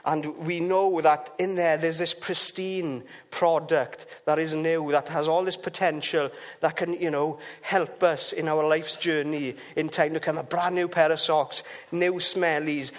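Casting note: man, higher voice, relaxed devotional speaker who rambles through asides. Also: unhurried, few pauses. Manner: chatty and rambling, with restarts and asides. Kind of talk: informal devotional talk.

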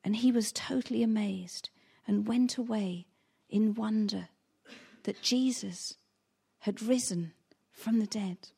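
A woman's voice: medium pitch, slow pace, creaky, mellow, breathy edge. A woman preaching a sermon, retelling a Bible story in a storytelling way and acting out the quoted lines with rising intensity.

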